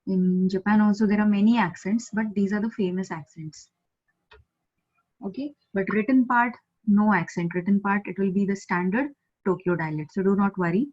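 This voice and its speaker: A woman from India with an Indian English accent, teaching a Japanese lesson over a video call, patiently repeating words slowly for learners. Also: medium pitch, a little mellow. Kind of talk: online language lesson. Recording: slightly muffled video call audio.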